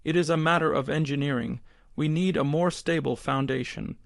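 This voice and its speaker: A man's voice: a little high, normal speed, vocal fry, no room sound, clean studio sound, voice pushed up. A man voicing a young, educated engineer who speaks with condescension and frustration. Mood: condescending. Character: young arrogant male city engineer, condescending.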